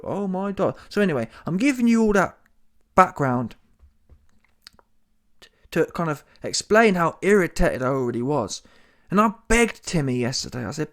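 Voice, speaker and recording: A man's voice: a little high, brisk. Exasperated man ranting about boxing. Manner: animated, exasperated, repeats himself. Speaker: comedy boxing commentator. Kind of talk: ranting reaction commentary.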